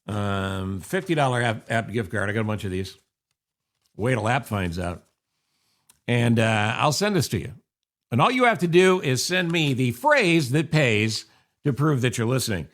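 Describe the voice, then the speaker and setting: In a casual podcast monologue recorded in his home office, an older man from upstate New York chats wryly and throws in sarcastic asides. His mid-range voice is expressive and a bit bright, moving at a moderate pace.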